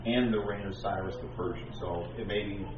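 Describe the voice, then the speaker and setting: A man in a classroom, a student asking questions in a soft-spoken, low-key way. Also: steady tone, brisk, a crowd in the background. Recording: echoey, distant, dull classroom recording.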